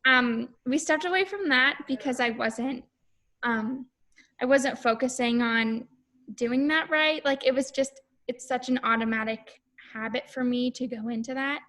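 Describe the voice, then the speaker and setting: A woman's voice: high voice, unhurried, bright, forceful tone. A young woman talking casually about how her voice has grown, as a voice student. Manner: reflective, lots of "like" fillers. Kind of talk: casual chat.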